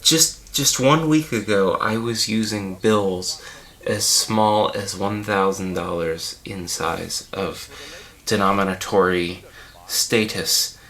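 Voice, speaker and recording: A man's voice: on the low side, takes it slowly, fairly bright tone. A man playing an unwell, pompous male art-film director who rambles and panics in an improvised comedy commentary track. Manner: rambling, self-important, panicky. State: unwell and dizzy.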